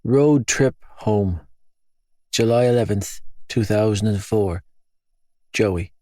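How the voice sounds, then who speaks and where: A man narrating a romance audiobook in first person, in a flat, measured way. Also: fairly low pitch, no room sound, studio quality.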